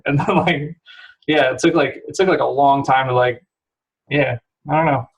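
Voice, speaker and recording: On a rough recording, a medium-pitched young man from around San Francisco speaks briskly with fairly even intonation. As a podcast guest in relaxed conversation, he rambles through stories, laughs a lot and leans on "like" and other fillers.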